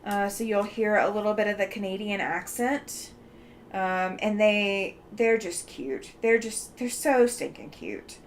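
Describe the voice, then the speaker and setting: A woman from Alabama hosts a casual livestream, reading the chat aloud in a friendly, chatty manner full of ums and easy laughter. Her voice is medium in pitch and measured in pace, with slight background noise.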